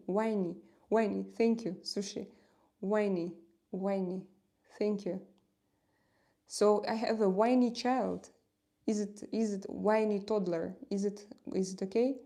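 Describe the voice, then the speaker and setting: A woman with a Russian accent talks in a relaxed, halting way, full of small pauses and fillers. Her voice is dark and mellow, with a gravelly fry running through it. She sounds like a live streamer chatting with viewers from home. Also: mid-range voice. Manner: halting, many "uh" fillers, warm thanks to viewers. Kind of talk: casual live chat reading comments. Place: home in Spain.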